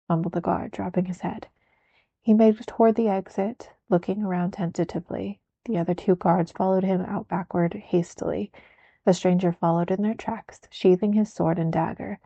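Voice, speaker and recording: Husky low woman reading ASMR stories. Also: dark tone, dry recording, muffled recording. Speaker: narrator.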